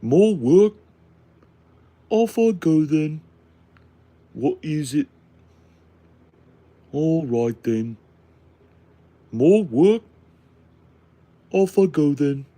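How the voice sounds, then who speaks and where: A man imitating a weary, resigned peasant worker from a video game, loud and sing-song. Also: a little high, expressive, drawn-out words, long pauses, pitched above the performer's own voice, full character voice.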